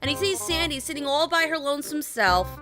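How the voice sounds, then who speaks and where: A woman narrating a story casually for her channel, animated and full of exclamations. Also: sits high, a little fast, over music. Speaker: storyteller youtuber.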